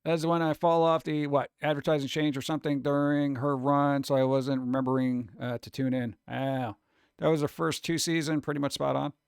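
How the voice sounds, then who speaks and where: A man's voice: fairly high pitch, level tone, moderate pace, creaky, clean tone, dry recording, clean studio sound. A man chatting casually with viewers on a live stream, rambling, humming and scatting to himself, his throat a little sore.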